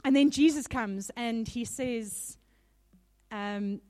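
A woman's voice: fairly high pitch, slow pace. A woman preacher giving a sermon in a conversational way, with small laughs between points, a little nervous. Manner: warm laughing asides, conversational.

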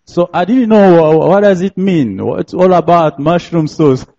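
A young man with a French accent preaches in an unhurried, deliberate way, repeating his phrases and breaking into laughter between them. His voice sits a little higher than most men's. The recording is dull and lo-fi. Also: creaky, dark tone. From DR Congo. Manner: slow, repetitive, laughing often. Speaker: guest preacher. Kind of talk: sermon.

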